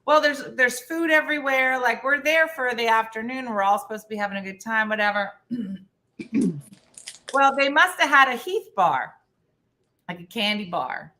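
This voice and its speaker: A woman comedian hosting a casual baking chat in a home kitchen, telling stories with animated impressions of her friends. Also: moderate pace. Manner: animated, does loud shrill impressions of friends. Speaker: comedian and host. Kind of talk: casual storytelling while baking.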